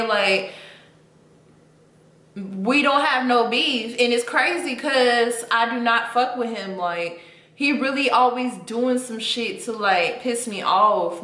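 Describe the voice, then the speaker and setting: A woman's voice: a little high, fairly bright tone. A young woman vlogger venting a storytime rant to her viewers, heated and full of cursing. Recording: echoey room.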